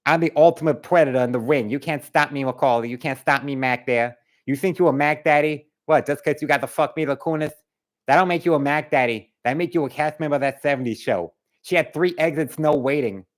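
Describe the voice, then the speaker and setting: A man's voice: on the high side, brisk, natural voice. A man voicing a menacing male boxer who trash-talks an opponent with threats and taunts. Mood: taunting.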